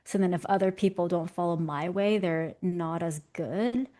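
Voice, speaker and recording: A young woman talking casually as an interview guest, chatty, self-deprecating and quick to laugh. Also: lowish voice, dark tone. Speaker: interview guest, visual development artist. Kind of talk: casual conversation.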